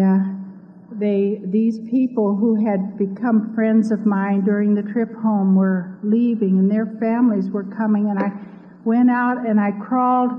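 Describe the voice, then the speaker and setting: A woman from Iowa gives an earnest, devout personal testimony, telling her story. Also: mid-range voice. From Iowa, USA. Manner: earnest, devout, speaks openly of her faith. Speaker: speaker giving a personal testimony. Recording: tinny lo-fi audio with long hall reverb.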